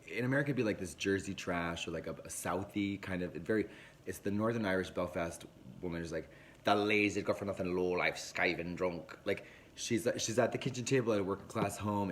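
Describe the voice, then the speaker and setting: A man chatting casually on a livestream, telling a rambling, animated story with plenty of swearing. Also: low-pitched, a little hiss or hum.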